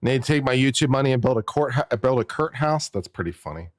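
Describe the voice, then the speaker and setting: A man's voice: medium pitch, expressive, fast talker, dry recording, clean studio sound. A man, an attorney, giving casual and jokey live-stream commentary, musing aloud and often repeating himself.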